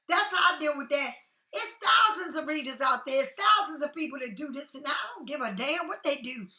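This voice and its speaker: A woman's voice: high voice, pushed and bright, roomy sound, rough recording. A woman giving a casual tarot reading, talking bluntly and sassily and swearing freely. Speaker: tarot card reader.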